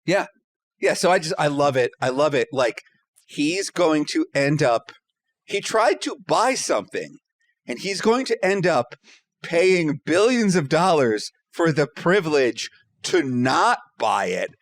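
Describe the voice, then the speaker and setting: A man with a high, bouncy voice that swings all over the place, talking on a podcast in an animated, emphatic way. He swears freely, and the sound is dry and close to the mic. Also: measured pace, dry recording. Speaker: podcast panelist. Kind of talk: casual podcast chat.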